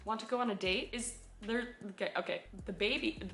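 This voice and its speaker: A young woman casually chatting and reading fan comments aloud, playful and quick to laugh. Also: mid-range voice, a bit bright, echoey room. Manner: playful, laughing, jokey asides. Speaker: content creator answering fan comments.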